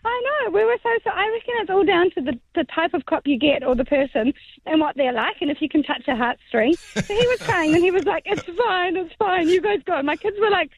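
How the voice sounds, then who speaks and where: A woman's voice: extremely high pitch, expressive, fast talker, vocal fry. A woman calling in to a radio show and telling a story in a chatty way, acting out what people said. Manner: chatty storyteller, acts out quotes. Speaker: caller. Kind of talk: phone-in story. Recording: tinny phone line.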